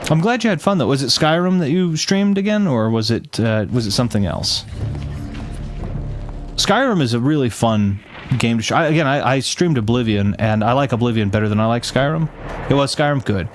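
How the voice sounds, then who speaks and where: Soft music plays behind a man with an animated, mid-range voice who talks a little fast. He streams a game live, chatting with viewers and reading the game's text aloud, and he rambles, frequently starting sentences over and fixing himself mid-thought.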